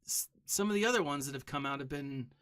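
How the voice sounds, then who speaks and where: A young adult man streaming a game live, chatting casually and rambling between moves, now and then humming to himself or shouting a greeting to a viewer. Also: fairly high pitch, fast talker. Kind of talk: casual live-stream chat while gaming.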